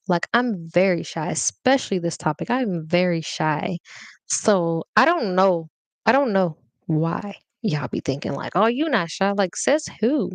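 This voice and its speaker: A woman's voice: mid-range voice, dry recording. A young adult woman hosting a live podcast, chatting casually and rambling playfully straight to her viewers. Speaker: podcast host.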